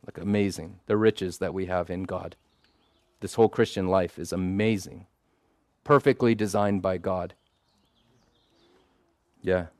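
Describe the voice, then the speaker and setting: A man's voice: low-pitched, darkish tone, no echo. A man preaching an earnest, emphatic sermon to a small group seated in a circle, often calling out for an "Amen".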